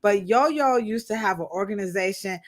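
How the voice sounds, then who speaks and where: A woman's voice: medium pitch, moderate pace. A woman co-hosting a live stream, chatting casually and playfully with slang and laughter. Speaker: co-host.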